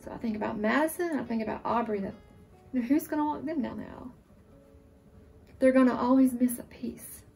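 A woman in her forties, a surviving military spouse, giving an emotional, earnest testimonial, sometimes halting. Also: a little high, gravelly, darkish tone, far from the mic, faint music behind. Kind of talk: testimonial interview.

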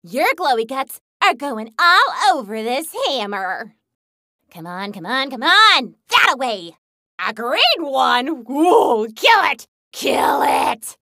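Super bubbly smash-happy game girl, high voice swinging all over, bright. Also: big pitch swings, takes it slowly, vocal fry, dry recording, clean studio sound, heavily acted. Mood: battle-hungry. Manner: bubbly, giddy, bouncy. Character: hyper, gleeful young woman huntress who loves smashing things. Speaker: game character. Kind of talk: video game voice lines.

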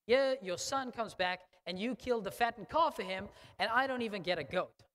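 A man's voice: sits high, animated, normal speed, fairly bright tone, pitched above the performer's own voice. A man voicing a resentful older son who speaks in an indignant, scolding way. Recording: long church reverb.

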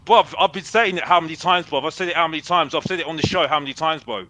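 A man's voice: on the high side, fast, sharp tone, a little hiss or hum, low-quality recording. A man, a football fan arguing heatedly on a fan show, brash and boastful, repeating himself. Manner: brash, boastful, repeats himself, calls himself Mister Box Office.

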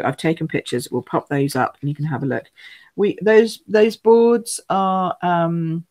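A woman's voice: lowish voice, normal speed. Lady doing a casual craft livestream, rambly, loses her train of thought, chats to viewers. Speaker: craft demonstrator hosting a live stream. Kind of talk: casual live craft demo, reading viewer comments.

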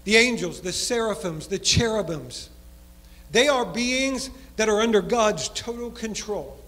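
A man preaching a sermon as pastor, dropping low and soft for emphasis before picking up speed again. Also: animated, a little slow. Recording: long hall reverb in a church.

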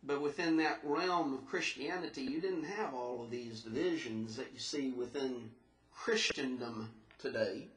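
A man preaching a sermon in a church, earnest and emphatic, slowing down to stress scripture and rising into questions. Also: medium pitch, a bit bright, far from the mic. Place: church sanctuary. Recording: echoey church recorded from afar.

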